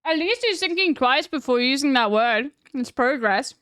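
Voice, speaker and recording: A woman's voice: sits high, animated, moderate pace, a bit bright, dry recording, studio quality. A woman streamer making chatty casual asides while she eats. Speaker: streamer reacting.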